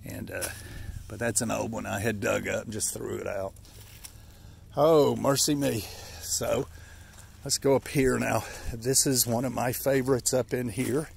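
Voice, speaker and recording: Gravelly man, out of breath. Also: medium pitch, steady tone, a little slow, a little hiss or hum. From Appalachia, United States. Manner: folksy, rambling, corrects himself. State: out of breath, stuffy nose. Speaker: forager showing wild edibles. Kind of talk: casual walking vlog. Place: outdoors in a yard.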